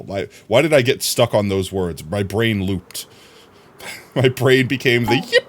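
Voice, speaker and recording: A man's voice: on the low side, lively intonation, takes it slowly. A man streaming a video game, rambling to himself and his chat with frequent laughter. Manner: rambling, self-talking, laughs often; chatting to viewers. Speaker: livestreamer. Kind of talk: casual gameplay commentary.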